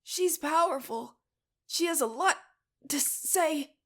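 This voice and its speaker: A woman voicing an excited young woman acting as a medium, her voice rising high and strained as she hears a spirit. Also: fairly quick, husky, exaggerated voice.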